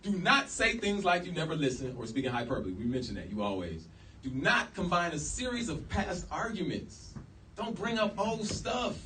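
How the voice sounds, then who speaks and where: Before a live audience, a man delivers a relaxed lecture full of slang, animated and acting out the quotes he uses. His voice is on the high side and brisk, with slight background noise, and the room echoes with the mic placed far away.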